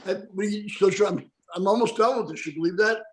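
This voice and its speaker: Sex: man. Role: host. Style: casual talk-show chat. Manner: rambling, tag questions. Pitch: high. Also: brisk, a little hiss or hum. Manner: chatty, rambling, checks in with asides.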